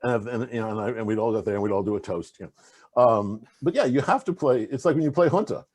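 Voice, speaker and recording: A man being interviewed as a game designer, telling rambling, animated stories full of fillers and restarts. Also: lowish voice, quick pace, husky. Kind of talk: casual conversational interview.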